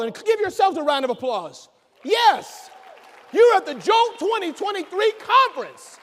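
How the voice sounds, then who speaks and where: High, lively man in an echoey hall. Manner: animated, joking, banters with the audience. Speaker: keynote speaker. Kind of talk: energetic conference keynote. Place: conference hall stage.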